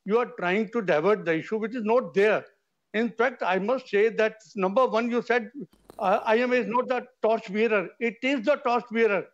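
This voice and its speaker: A man's voice: high-pitched, moderate pace, dull audio. A middle-aged Indian man, a doctor on a TV debate panel, talking insistently and repeating himself to hold the floor. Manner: insistent, talks over others, repeats himself. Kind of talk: heated TV debate.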